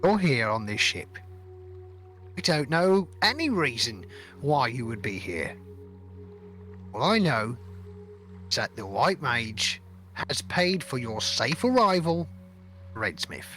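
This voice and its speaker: A man's voice: fairly high pitch, sharp tone, full character voice. A man voicing a cranky male ship captain who talks bluntly and grumbles.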